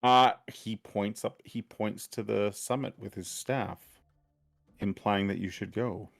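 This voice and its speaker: Slow-spoken male game master, low voice, halting descriptive narration. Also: steady tone, vocal fry, faint music behind. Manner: halting, descriptive, many fillers.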